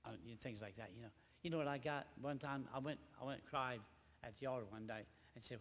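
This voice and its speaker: An older man giving an emotional personal testimony at a church gathering, speaking haltingly and often repeating his words. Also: medium pitch, a bit bright. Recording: reverberant hall, faint background noise.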